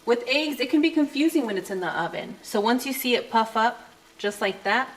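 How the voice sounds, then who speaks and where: A woman's voice: on the high side, lively intonation, brisk. A woman in her thirties hosting a casual home cooking video in her kitchen, chatty and playful, dropping in Spanish words as she talks. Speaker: cooking channel host.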